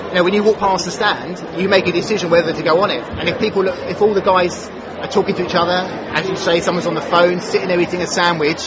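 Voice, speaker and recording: Slightly high-voiced male trainer talking at a trade show, dull recording, loud crowd behind. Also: fast talker, heavy background noise. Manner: animated, repeats words when starting a point. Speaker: exhibitor and trainer. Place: busy exhibition hall. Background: loud crowd chatter.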